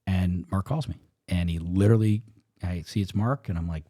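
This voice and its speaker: Low-voiced middle-aged guy on a podcast, dry mic sound, tells it animated with voices. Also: fairly quick, dry recording. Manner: animated, acts out dialogue, swings between low and high. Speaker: podcast guest, real estate coach. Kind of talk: casual storytelling.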